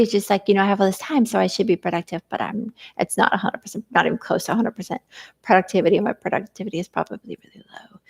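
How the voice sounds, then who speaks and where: A woman's voice: medium pitch, creaky. A woman vlogging in a rambling, hesitant way, full of fillers, venting about family troubles. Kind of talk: rambling personal vlog.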